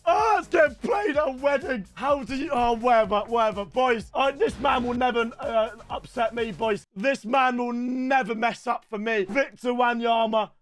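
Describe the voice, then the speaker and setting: A young man doing loud, sweary gaming commentary for his viewers. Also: extremely high pitch, steady tone, moderate pace, hardly any pauses, soft background music. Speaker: gaming YouTuber.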